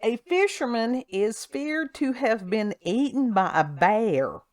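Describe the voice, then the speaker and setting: A woman's voice: fairly high pitch, lively intonation, slow, no room sound. A woman hosting a casual talk show, reading a news story aloud with sarcastic asides and frequent laughs. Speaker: podcast host. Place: at home with her child nearby.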